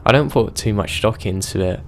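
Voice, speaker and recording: A man's voice: on the low side, a little fast, slight background noise, close to an everyday voice. A man voicing an unbothered church caretaker in his seventies who talks in a casual, shrugging tone. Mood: offhand.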